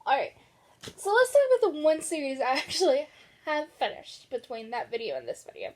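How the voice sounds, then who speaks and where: High-voiced chatty young woman. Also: wildly swooping pitch, fairly quick, a little mellow. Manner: chatty, laughing, gushing. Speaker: book vlogger. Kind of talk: casual chat.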